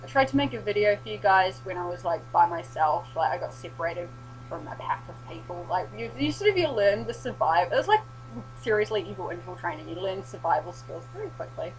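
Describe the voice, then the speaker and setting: Sweary, animated New woman vlogger. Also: lowish voice, brisk, slight background noise, low-quality recording. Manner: animated, sweary, laughing storyteller. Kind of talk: casual storytelling recap.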